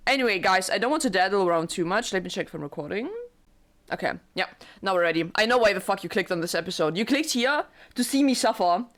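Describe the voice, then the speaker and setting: A young woman rambling through casual game commentary. She talks in an excitable way and swears heavily, with a voice of ordinary pitch. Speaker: gaming YouTuber. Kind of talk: casual let's-play commentary.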